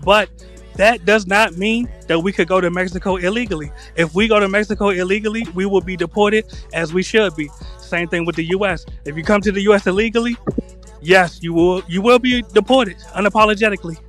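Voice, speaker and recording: A man on a debate panel, calm and insistent, repeating phrases to hold the floor. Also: sits high, a little fast, faint music behind. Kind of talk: heated debate.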